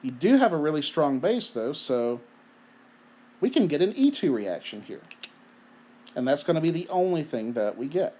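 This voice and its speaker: A fairly high-voiced man lecturing on chemistry in a chatty, conversational tone. He keeps asking rhetorical questions and checking in with "right?", and he has the hiccups. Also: very animated, moderate pace, long pauses, dark tone. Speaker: chemistry teacher. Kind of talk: recorded lecture.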